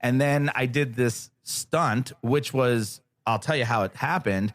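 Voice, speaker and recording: A man's voice: mid-range voice, a little slow, dry recording. Guy on a podcast ranting about his work, sarcastic, swears a lot, dry close sound, mid voice. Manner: animated, profane, sarcastic storyteller. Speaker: podcast guest. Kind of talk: casual storytelling chat.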